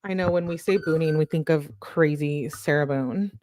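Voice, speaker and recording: A woman's voice: low voice, normal speed, darkish tone, a little hiss or hum. A woman hosting a true crime video, chatting casually and tossing out asides as she reacts to viewers' comments. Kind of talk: casual commentary, reading text messages aloud.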